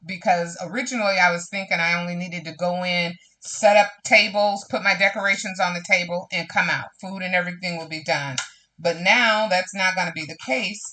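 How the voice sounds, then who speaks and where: A woman's voice: fairly low pitch, sharp tone. A woman hosting a live crafting stream, chatting casually and slipping into preachy, faith-filled testimony to viewers. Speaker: crafting livestream host.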